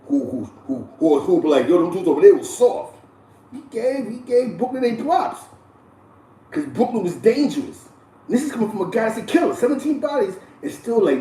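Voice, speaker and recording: A man's voice: fairly high pitch, far from the mic. New man, echoey off-mic street talk. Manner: loose, repetitive slang-heavy delivery with frequent shout-outs. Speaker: host. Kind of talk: casual street storytelling commentary. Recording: echoey room, voice a bit off-mic.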